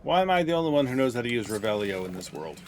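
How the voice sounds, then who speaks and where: A man's voice: medium pitch, big pitch swings, very fast, a little hiss or hum. A man casually commenting on his gameplay in a wry, offhand way, often muttering to himself. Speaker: streamer. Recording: game music loud underneath.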